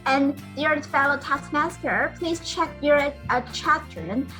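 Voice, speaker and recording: A woman's voice: high voice, slow pace, sharp tone, soft background music. A woman hosting an online meeting, politely thanking speakers and making announcements. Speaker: meeting host. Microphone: video call.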